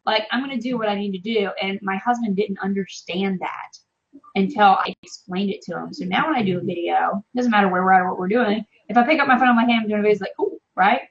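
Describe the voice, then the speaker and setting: A woman's voice: medium pitch, brisk. Passionate, swearing woman on a muffled stream. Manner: passionate, emphatic, swears freely. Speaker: interview guest, online business marketer. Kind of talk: casual live-stream interview. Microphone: video call.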